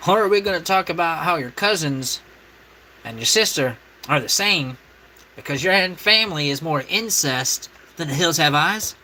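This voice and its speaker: A brash man hosts a cooking livestream and roasts his viewers with crude, profane insults. His voice is fairly high and sharply bright. A faint background noise runs under him. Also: lively intonation, normal speed, low-quality recording. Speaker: livestream host.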